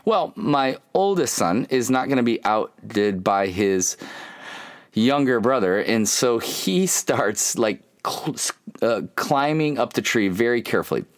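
Man, thirties, conversational sermon, very lively pitch, storytelling, filler words, acted quotes. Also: measured pace. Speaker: preacher.

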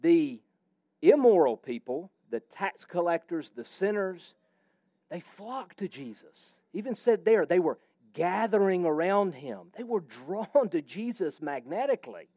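Man, pastor, sermon, emphatic, slightly high voice, dry lo-fi sound. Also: very animated, unhurried, no room sound. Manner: emphatic, varied delivery with dramatic drops to near-whisper.

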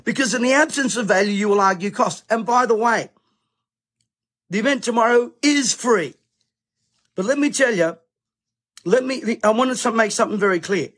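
A fiery man delivers an impassioned monologue straight to the viewer, hammering his points by repeating them. His voice sits high for a man and has a husky edge. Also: moderate pace, pauses often, a bit bright. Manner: fiery, preachy, repeats phrases for emphasis. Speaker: preacher and online commentator. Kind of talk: impassioned direct-to-camera monologue.

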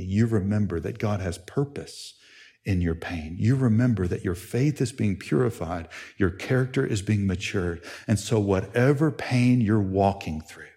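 Preaching as a pastor, a man with a low-sitting voice tells a family story, rising into excited stretches and sinking to soft, almost whispered passages. The recording carries a long hall reverb.

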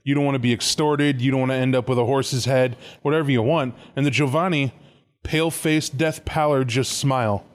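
A man with a mid-pitched voice co-hosts a casual podcast. He talks in loose, rambling stretches full of profanity and quick, animated asides. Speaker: podcast co-host.

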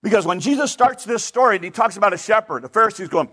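A man's voice: sits high, lively intonation, quick pace, hardly any pauses, fairly bright tone, slightly rough. A male pastor preaching a sermon in an emphatic, conversational way, often repeating words for stress.

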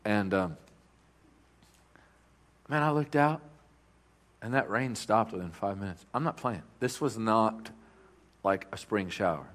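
A man preaching as a guest speaker in a church. He tells a story with lots of animation, chuckles often, and breaks into loud bursts. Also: fairly low pitch, lively intonation, a little slow, long pauses. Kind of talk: storytelling sermon.

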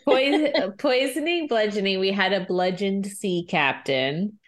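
A woman co-hosting a podcast in casual chat, talkative and quick to laugh, with lots of "like" fillers. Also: medium pitch. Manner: chatty, laughs often, many "like" fillers. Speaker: podcast co-host discussing a TV episode.

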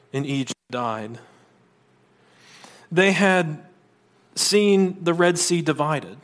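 A man preaching a sermon in a conversational manner, with asides and quick restarts. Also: fairly high pitch, fairly bright tone. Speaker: pastor.

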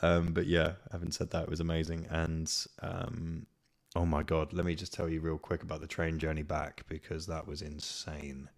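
Low-voiced chatty man. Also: monotone, normal speed. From Kent, England. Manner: chatty, rambling, swears freely. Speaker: podcast host. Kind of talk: casual solo podcast chat. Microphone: podcast microphone.

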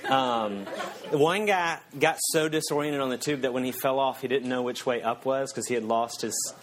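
A man's voice: mid-range voice, moderate pace, a little hiss or hum. A man, preaching a sermon and telling a self-mocking story with frequent chuckles. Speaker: pastor. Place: church.

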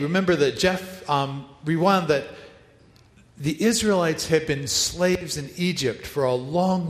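A male pastor leading an interactive Bible story for his church, upbeat and playful as he directs the congregation. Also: a little high. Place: large church hall. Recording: echoey hall, long reverb.

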